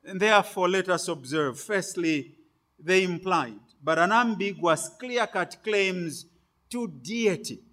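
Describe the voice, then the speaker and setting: A man preaching a sermon, delivering it phrase by phrase with sudden loud stresses on key words. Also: high voice, expressive, slow.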